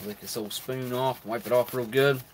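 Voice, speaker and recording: A man's voice: mid-range voice, steady tone, moderate pace, slight background noise. A middle-aged man hosts a live stream, chatting casually about rations while eating, often with his mouth full. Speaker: live stream host reviewing military rations.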